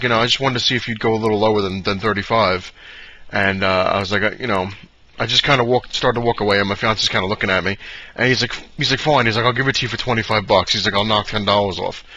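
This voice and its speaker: A young man rattles through a story at a quick clip, his voice bright and forward as he chats to the camera in a casual, rambling way. He keeps acting out the exchange himself, stringing it together with "I was like". The recording sounds dull and lo-fi. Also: on the low side. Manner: chatty storyteller who keeps repeating "I was like". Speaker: comic collector vlogger. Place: home with pets around.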